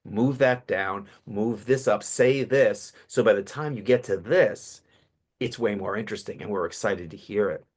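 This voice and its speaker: Fifties guy, speaking coach on a podcast, lowish voice, animated storyteller. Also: normal speed. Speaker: public speaking coach, guest. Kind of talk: casual podcast interview.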